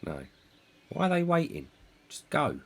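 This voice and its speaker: A man's voice: fairly high pitch, wildly swooping pitch, a little slow, creaky. A man streaming a city-building game, thinking aloud in a rambling, self-deprecating way. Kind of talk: live gameplay commentary.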